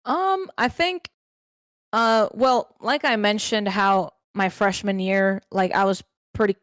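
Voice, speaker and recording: A woman's voice: mid-range voice, clean tone, dry recording, studio quality. Hesitant young woman guest. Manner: hesitant, halting, with fillers and soft laughs. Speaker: streamer guest. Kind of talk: casual interview answers.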